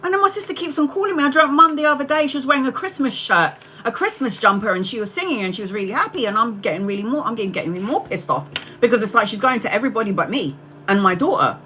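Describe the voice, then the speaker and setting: A woman's voice: on the high side, lively intonation, quick pace, pushed and bright, a little hiss or hum, poor audio. A middle-aged woman hosting a tarot livestream, telling a story to her viewers in a candid, chatty way and swearing casually. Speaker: tarot reader livestream host.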